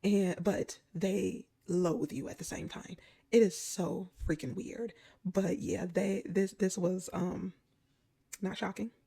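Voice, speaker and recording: A woman giving blunt, unhurried commentary to her viewers, with wry asides. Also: mid-range voice, vocal fry, dark tone, husky. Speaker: commentary vlogger. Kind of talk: casual commentary to camera.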